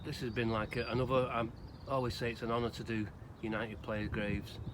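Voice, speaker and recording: A grave-visiting vlogger from Salford, England, speaks at a middling pitch in a level tone, offering a casual spoken tribute and story. He rambles conversationally with lots of pauses while recording outdoors in a cemetery, where clear outdoor noise and distant traffic sit beneath his voice.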